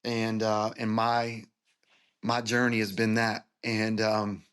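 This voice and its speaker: A man's voice: fairly low pitch, monotone, takes it slowly, a bit bright, clean tone. Earnest pastor in his forties. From Florida, US. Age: 40s. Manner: earnest, emotional storytelling with restarts. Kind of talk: interview guest telling his story.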